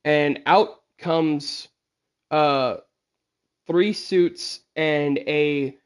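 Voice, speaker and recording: A man's voice: a little high, extremely slow, smooth. A man narrating a tabletop game as game master, loose and rambling with crude jokes.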